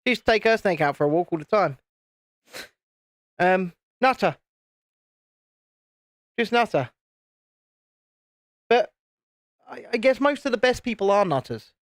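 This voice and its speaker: A man's voice: sits high, lively intonation, unhurried, pauses often, no echo, studio quality. A British man in his late thirties hosting a live stream, chatting casually while building, in a rambling, self-interrupting way. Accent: British English. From United Kingdom. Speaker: YouTube channel host.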